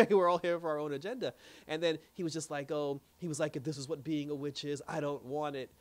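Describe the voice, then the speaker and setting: A man casually recapping a TV episode in an animated way, laughing often and acting out the characters' lines. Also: on the high side, quick pace. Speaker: TV episode reviewer.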